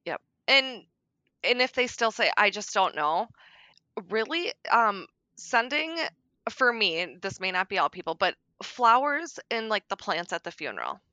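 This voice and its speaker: A middle-aged woman on a podcast, talking candidly about grief, frank and darkly joking, sometimes soft-spoken. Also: mid-range voice, sing-song, unhurried, no room sound. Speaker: podcast guest.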